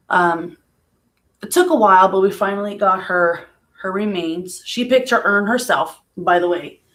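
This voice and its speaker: A woman talking casually on a home live stream about a painful loss, emotional and soft-spoken, laughing through sadness at times. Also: fairly low pitch. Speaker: vlogger.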